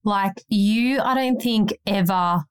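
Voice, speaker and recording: Brief: woman podcast co-host, warm-hearted support, animated and playful delivery. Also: medium pitch, slow, smooth. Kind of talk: casual chat.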